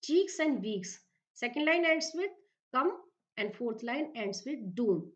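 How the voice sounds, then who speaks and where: A woman with an Indian English accent giving a slow, repetitive English literature lecture as a professor, often asking if the class is clear. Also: high-pitched, lively intonation. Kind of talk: recorded lecture. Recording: dull lo-fi recording.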